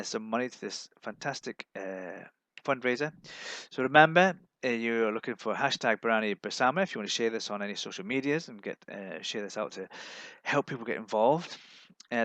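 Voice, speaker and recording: A man from England, performing a live-streamed stand-up set of deadpan one-liners. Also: mid-range voice, dry recording. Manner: deadpan one-liners with put-on voices for others. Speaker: stand-up comedian.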